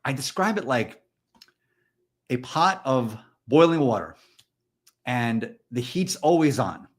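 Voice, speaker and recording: A man's voice: medium pitch, takes it slowly. Casual storytelling man on a podcast. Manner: storytelling, animated, frequent fillers. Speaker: podcast co-host. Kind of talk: candid conversational talk.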